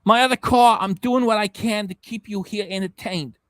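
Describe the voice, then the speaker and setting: A man's voice: high-pitched, moderate pace, a bit bright, clean tone, no echo. A man hosting a reaction channel, chatting casually and jokingly on a livestream, rambling and slipping into silly voices.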